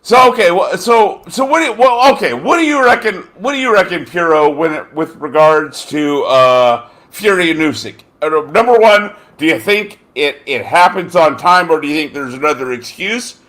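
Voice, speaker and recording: An expressive, slightly bright man with a higher voice talks at a moderate clip, rarely pausing. As host of a casual podcast, he drifts around, uses profanity, and stumbles over names with frequent fillers.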